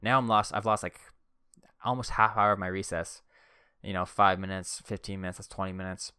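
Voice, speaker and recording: Bright, clear-voiced young man rambling. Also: sits low, steady tone, brisk, no room sound, clean studio sound. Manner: rambling, heavy use of "like" and "uh". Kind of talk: casual anecdote-telling.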